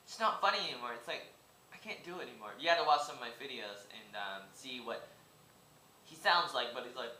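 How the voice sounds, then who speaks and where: A young man talks off the cuff in a casual vlog, his voice bright and forward. He rambles, stammers and doubles back on his words. The room around him is echoey. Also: medium pitch, animated, a little fast, a little hiss or hum. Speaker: vlogger.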